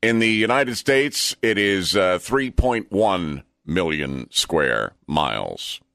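A male radio anchor delivers the news and trivia in a low, slow, deliberate voice. His pitch moves a lot as he drops dry, wry asides. The sound is close and dry, with faint music under it. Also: lively intonation, fairly bright tone, dry recording. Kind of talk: radio show banter and deadpan news reading.

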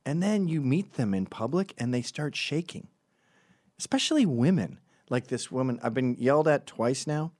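A man's voice: medium pitch, expressive, moderate pace, darkish tone, dry recording, clean studio sound. A middle-aged man hosting a comedic opinion monologue, sardonic and profane, often mocking people in put-on voices. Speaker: commentary show host.

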